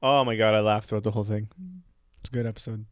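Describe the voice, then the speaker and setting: A man's voice: on the low side, flat delivery, very fast, no room sound. A man co-hosting a podcast in casual chat, telling stories, laughing easily and saying "like" a lot. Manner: chatty storyteller, laughs easily, lots of "like". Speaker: podcast co-host.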